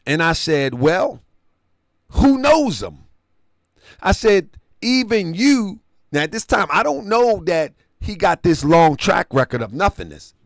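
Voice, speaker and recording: A man's voice: sits high, very animated, unhurried, vocal fry, dry recording. A man hosting an online talk show, casually retelling a conversation and often checking that the listener follows. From Baltimore area. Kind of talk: casual storytelling commentary.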